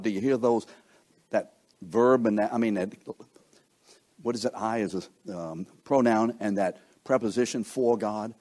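A man's voice: fairly low pitch, normal speed, darkish tone. A man preaching a sermon in a conversational way, often asking his listeners questions and acting out what people think. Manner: conversational, asks the listeners questions, acts out quoted thoughts.

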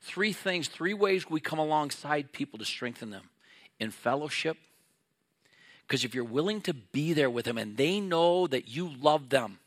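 A man's voice: on the high side, lively intonation, moderate pace. A middle-aged male pastor preaching a sermon in an earnest, conversational way, acting out little quoted exchanges.

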